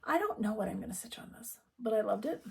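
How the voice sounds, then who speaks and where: A middle-aged woman from the United States talks in a loose, rambling way, breaking off her own sentences as she goes. Her voice sits a little high. She speaks in an easy, casual tone. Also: lively intonation, fast talker, creaky, background noise. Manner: chatty, rambling, self-interrupting. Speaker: needlework shop owner. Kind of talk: casual chat.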